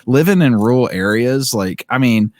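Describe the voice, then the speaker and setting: A man's voice: medium pitch, expressive, normal speed, darkish tone, dry recording. A man co-hosting a book podcast, talking in a rambling, enthusiastic way with lots of fillers. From living in Indiana. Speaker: podcast co-host. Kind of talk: casual book discussion.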